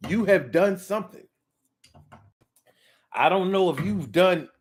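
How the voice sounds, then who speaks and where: A man hosting his own talk show in a casual, rhythmic monologue, often acting out the people he talks about. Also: on the high side. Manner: animated, rhythmic, acts out quoted voices. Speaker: show host.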